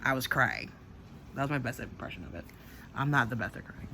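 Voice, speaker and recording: A man's voice: mid-range voice, big pitch swings, a little fast, vocal fry, pushed and bright. A man rambling through a personal story in an everyday mid-range voice, piling on fillers and swears. He acts out the lines of others as he goes. A faint background noise sits under his voice. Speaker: channel host. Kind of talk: casual storytelling.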